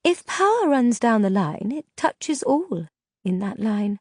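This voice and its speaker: A woman reader voicing a powerful sorceress who speaks slowly and calmly. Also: fairly high pitch, no echo, studio quality, full character voice. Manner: slow, calm, measured. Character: calm, cold, powerful older sorceress.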